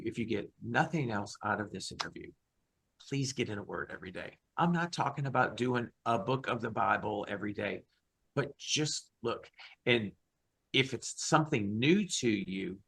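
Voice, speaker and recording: A man's voice: lowish voice, expressive, moderate pace, vocal fry, fairly bright tone, breathy edge. A man who is a guest in an interview, talking in a fired-up, emphatic way about his faith over a video call. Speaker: guest, Christian rock singer. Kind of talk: passionate interview talk.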